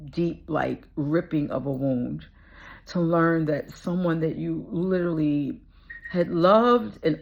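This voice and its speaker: Low, gravelly-voiced woman sharing her story. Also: darkish tone, dull audio. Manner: earnest, reflective, many fillers like "you know". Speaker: attorney sharing personal story. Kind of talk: personal testimony vlog.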